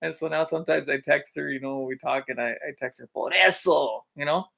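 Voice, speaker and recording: Gravelly-voiced male teacher telling stories. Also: a little high, a little fast, pushed and bright. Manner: chatty, with many fillers and check-ins to viewers; laughs while telling stories. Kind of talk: casual storytelling vlog.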